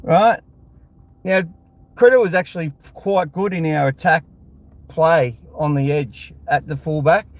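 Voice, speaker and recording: An Australian man hosting a live fan show, ranting bluntly and heatedly with lots of swearing. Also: on the high side.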